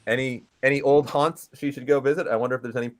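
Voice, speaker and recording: A man's voice: medium pitch, steady tone, fast talker. A man from England co-hosting a live chat, telling a story with self-deprecating humor and laughing along. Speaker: co-host.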